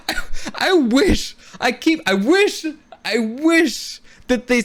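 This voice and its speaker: A man giving his casual opinions on a TV episode, animated and swearing, often acting out the characters' lines. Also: high voice. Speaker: show reviewer.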